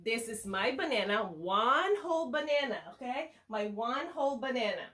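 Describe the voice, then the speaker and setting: A woman's voice: fairly high pitch, animated, normal speed, a bit bright. A woman teaching a children's lesson in a playful, sing-song way, slicing and eating food as she talks.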